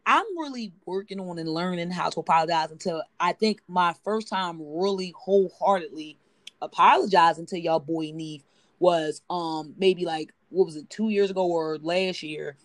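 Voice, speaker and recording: A woman's voice: on the low side, normal speed, no echo. Woman co-host with AAVE speech, rambling storyteller, dry room. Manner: storytelling, rambling with many fillers. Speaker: podcast co-host. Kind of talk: casual chat.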